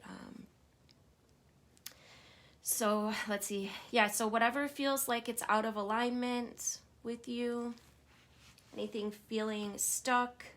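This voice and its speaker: A woman coaching listeners through self-talk and affirmations in a gentle, reflective way, often checking in with "right?". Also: medium pitch, vocal fry, slight background noise. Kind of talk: guided self-help talk.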